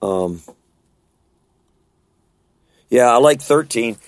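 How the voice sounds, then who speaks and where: A man's voice: mid-range voice, animated, extremely slow, dry recording. Earnest man leading a Bible study. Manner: earnest, conversational, asks rhetorical questions. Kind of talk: casual Bible study discussion.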